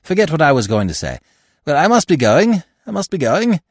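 A man's voice: mid-range voice, wildly swooping pitch, a little slow, a little mellow, no room sound, clean studio sound, exaggerated voice. A man reading the part of a nervous, guilty middle-aged man who stammers and speaks hastily. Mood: flustered. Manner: stammering, hoarse, hasty.

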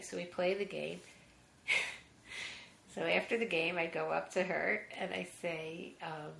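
A woman comedian telling an animated story as a podcast guest, acting out the people she quotes and laughing often. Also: on the low side, moderate pace, gravelly, echoey room. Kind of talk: anecdote in casual interview.

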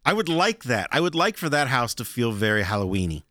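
A young man with a Midwestern accent co-hosting a casual chat show, animated and fond of reading descriptions dramatically. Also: mid-range voice, a little fast, dry recording, clean studio sound. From Chicago area. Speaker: podcast co-host.

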